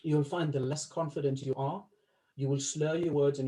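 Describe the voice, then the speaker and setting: A male life coach giving a coaching talk to a small group, instructive, slowing down to stress key words and laughing easily. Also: a little high, steady tone, mellow, rough recording.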